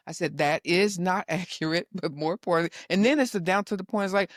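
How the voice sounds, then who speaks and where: A middle-aged woman, a mother guesting on a casual chat show, speaking in a measured, articulate, good-humored way. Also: on the low side, no room sound, clean studio sound.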